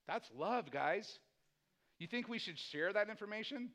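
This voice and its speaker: A man preaching a sermon as pastor, swinging from hushed, low asides to loud, climbing emphasis. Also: normal speed, pauses often.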